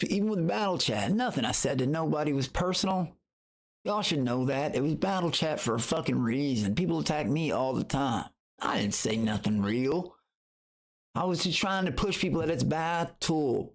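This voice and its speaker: A man's voice: a little high, vocal fry. A man chatting casually on his livestream, boasting and taunting his critics while greeting viewers in chat.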